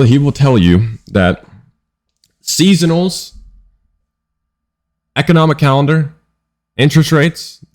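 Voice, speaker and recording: A man talking in a casual vlog monologue about trading, emphatic and profane, often repeating himself. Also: lowish voice. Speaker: trading educator.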